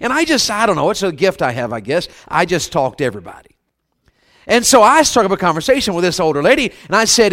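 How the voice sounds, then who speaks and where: With a fairly bright, high, sing-song voice and a fairly quick pace, a revival preacher spins humorous, folksy stories. He keeps things conversational and asks the crowd to answer with amens.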